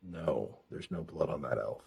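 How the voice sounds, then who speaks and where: A man narrating a tabletop game as game master, slow and descriptive with hesitant restarts. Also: extremely low pitch, animated, vocal fry, a little mellow, slightly rough.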